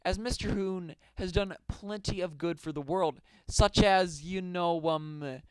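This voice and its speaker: A man's voice: high voice, a little slow, a little mellow, clean tone, no room sound, poor audio. A young man reading out a silly story with mock drama and rambling asides.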